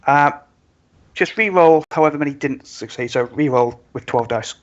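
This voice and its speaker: A man narrating as game master in a tabletop role-playing game, offhand and relaxed, with many fillers. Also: fairly high pitch, normal speed, highs cut off.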